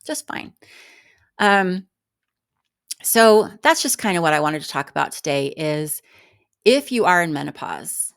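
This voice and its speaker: A woman's voice: on the low side, lively intonation, measured pace, fairly bright tone. Frank, exasperated woman in her fifties. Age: 50s. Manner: frank, exasperated and chatty, with fillers and restarts. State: exhausted. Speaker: vlogger. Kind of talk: candid personal vlog.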